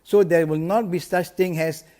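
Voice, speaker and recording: A man's voice: a little high, normal speed. A middle-aged man, coaching insurance agents in an emphatic, motivational live talk. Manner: energetic, emphatic, repeats key lines.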